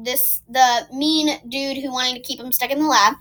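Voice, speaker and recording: High-voiced chatty woman recapping a movie. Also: moderate pace, rough recording. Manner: animated, retells scenes in quoted dialogue. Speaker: podcast co-host. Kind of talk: casual movie recap chat.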